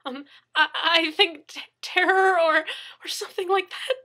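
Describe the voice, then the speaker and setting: A woman reading aloud plays a terrified young man held at gunpoint, stammering and sobbing out his words in a strained, high, bright voice. He pleads in broken, halting bursts, jumping up in pitch and volume. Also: heavily acted. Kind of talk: audiobook reading.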